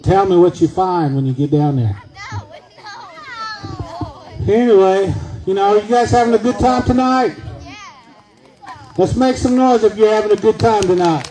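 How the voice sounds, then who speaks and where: A man's voice: sits high, unhurried, long pauses, mellow, low-quality recording. A man emceeing an outdoor evening event, upbeat and rousing the crowd. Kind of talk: hosting a live event.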